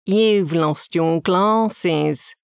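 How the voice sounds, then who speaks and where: A woman voicing a slow, ant-loving male anteater who drawls and mutters, in a storybook reading. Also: on the low side, creaky, clean tone, no echo, studio quality, heavily acted. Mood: drawling.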